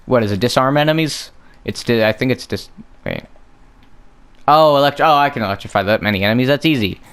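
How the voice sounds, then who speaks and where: A man's voice: medium pitch, brisk, fairly bright tone, smooth. A young man giving casual gameplay commentary, rambling on tangents and joking at his own expense. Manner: rambling, joking, self-mocking. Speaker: gaming streamer.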